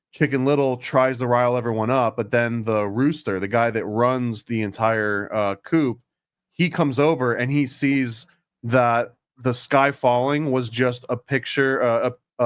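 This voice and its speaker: A man co-hosting a podcast, casually retelling and analyzing an old cartoon, rambling with quick asides. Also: medium pitch, smooth, no echo, studio quality. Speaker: podcast co-host. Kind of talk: casual discussion.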